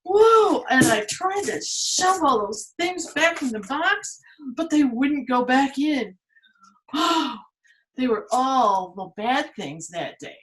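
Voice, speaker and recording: Woman doing pandora, curious vain young woman, theatrical, higher voice, unhurried delivery. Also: expressive, fairly bright tone, full character voice. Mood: panicked. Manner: playful, theatrical, boastful.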